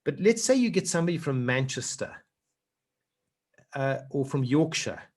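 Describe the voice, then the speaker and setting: A man's voice: mid-range voice, very animated, normal speed, breathy edge. A South African man talking to a speakers' group as a public speaking trainer. He wanders into anecdotes and keeps restarting his sentences. His voice sits in a middling range. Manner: rambling and anecdotal, with many restarts.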